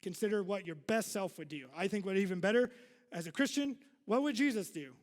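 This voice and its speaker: A man's voice: high voice, expressive, brisk, long reverb tail. A male pastor giving a casual sermon to his congregation, chatty and self-deprecating, full of fillers and asides. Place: church hall.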